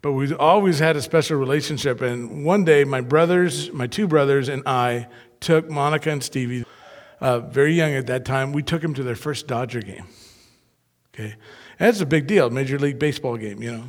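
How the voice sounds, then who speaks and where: A man preaching a sermon, telling personal stories with lively acted-out voices. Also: mid-range voice, normal speed, big-room sound. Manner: animated storyteller who acts out voices. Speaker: pastor.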